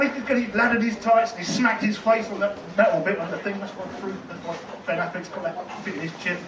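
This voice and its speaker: A man's voice: high-pitched, a little fast. A man doing a rambling, conversational stand-up set, with a lot of swearing, in a tent in a car park. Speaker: stand-up comedian. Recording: echoey tent, distant mic, noisy.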